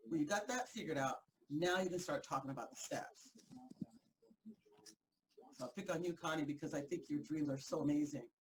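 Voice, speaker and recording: A woman hosting a motivational group talk, energetic and emphatic, repeating herself for effect and breaking easily into laughter. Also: low-pitched, slight background noise, poor audio. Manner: energetic, fired-up, emphatic repetition. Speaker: host and motivational coach.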